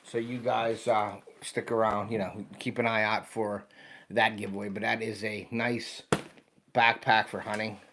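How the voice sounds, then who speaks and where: A man's voice: fairly low pitch, flat delivery, a little slow, noisy background. An American man in his fifties, hosting a casual livestream for his outdoor channel. He sounds tired and yawns now and then, and he chats loosely while greeting viewers by name. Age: 50s. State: tired, yawning.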